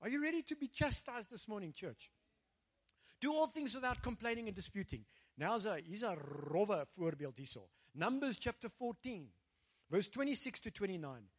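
His voice high, expressive and husky at a moderate pace, a South African pastor delivers a stirring sermon. He addresses the congregation directly, dropping in Afrikaans phrases along the way.

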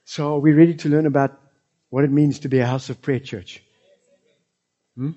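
A South African pastor preaching a lively sermon to his church, now and then dropping into Afrikaans. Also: on the high side, normal speed, highs cut off. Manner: animated, switching into Afrikaans.

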